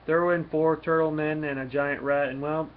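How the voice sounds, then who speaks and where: A man's voice: a little high, little pitch movement, moderate pace, natural voice. Man voicing a young apologetic hostess in a plain read-aloud delivery, faint background noise. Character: young woman hosting friends, apologetic. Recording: dull lo-fi recording, faint noise.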